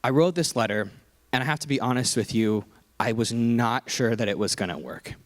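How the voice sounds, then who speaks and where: A man's voice: mid-range voice, normal speed. A young adult man giving a keynote speech, telling a personal story in a humorous, conversational, self-deprecating way. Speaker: keynote speaker.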